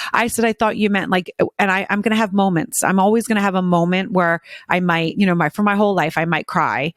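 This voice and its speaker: A woman's voice: lowish voice, fast talker, few pauses, dry recording, studio quality. Chatty middle-aged woman host. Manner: emotional, animated storyteller with frequent restarts. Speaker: podcast host. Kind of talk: casual interview chat.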